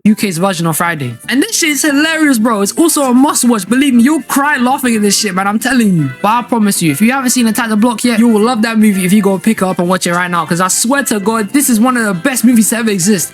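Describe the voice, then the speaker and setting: A young man giving a hyped, slang-filled movie review, talking quickly and with strong emphasis. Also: sits high. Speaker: video reviewer. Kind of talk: enthusiastic recorded movie review.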